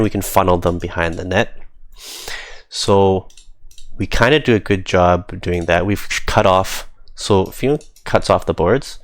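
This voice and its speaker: A man's voice: low voice, no echo. A man casually reviewing his hockey team's game footage, giving easygoing, amused play-by-play.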